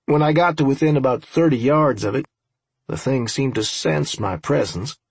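A man's voice: medium pitch, moderate pace, vocal fry, slightly rough, no echo. A man narrating an audiobook in the first person, with a dry, wry, profane manner.

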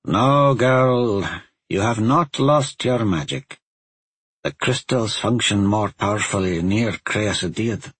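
A man playing a stern older witch mentor in an audiobook, her voice commanding and measured. The tone sits low and husky, recorded close and dry. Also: steady tone, a bit bright, no room sound. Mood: calm instructive.

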